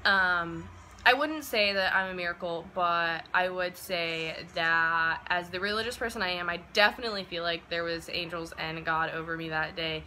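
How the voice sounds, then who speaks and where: A young woman of about twenty tells a personal story in a casual vlog. Her voice is very bright and her tone is chatty. She fills her speech with "like" and "um", and she acts out the quoted lines with animation. A faint hiss sits under her voice. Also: fairly low pitch, normal speed, low-quality recording. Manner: chatty, full of "like" and "um" fillers. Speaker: vlogger.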